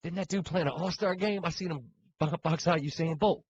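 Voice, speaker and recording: A man's voice: a little high, brisk, dull audio, a little hiss or hum, voice pushed up, lightly acted. A man voicing a brash pickup basketball player who heckles with slangy trash talk. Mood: mocking.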